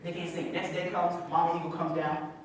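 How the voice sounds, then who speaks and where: A man telling a story in a sermon, animated and calling to the crowd. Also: fairly high pitch, brisk, a little hiss or hum. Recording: echoey hall from far off.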